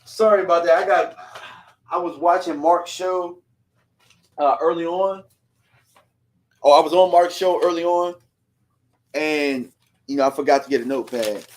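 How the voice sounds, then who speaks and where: A man's voice: a little high, moderate pace, long pauses. A man hosting a fan livestream, ranting heatedly in slangy casual talk and reading out viewer comments.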